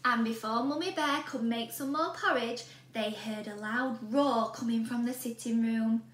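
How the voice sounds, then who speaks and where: A woman teacher reading a storybook aloud to children in an animated way, often asking the listener questions. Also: a little high, measured pace. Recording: roomy room with a faint hum.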